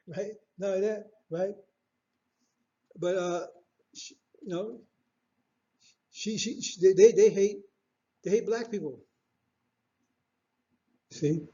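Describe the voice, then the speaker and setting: High-voiced preacher man, dull recording. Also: takes it slowly, pauses often, dark tone. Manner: preachy, repetitive, confrontational, rhetorical questions. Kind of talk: sermon.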